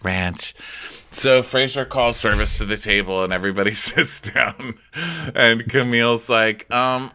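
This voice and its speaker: A man's voice: mid-range voice, normal speed, sharp tone, smooth. A man co-hosting a comedic recap podcast, laughing often and acting out cast members' lines in put-on voices. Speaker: podcast co-host recapping a reality show.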